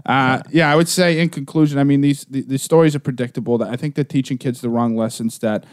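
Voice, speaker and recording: A man in a comedic debate, brash and profane, pitching a story in a loud, joking way. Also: steady tone, fast talker, no echo, studio quality.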